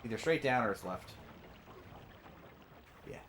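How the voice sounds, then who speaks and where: A man's voice: mid-range voice, expressive, unhurried, a bit bright, a little hiss or hum. A man chatting casually and playfully while streaming a game, laughing often. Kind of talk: casual let's-play chat.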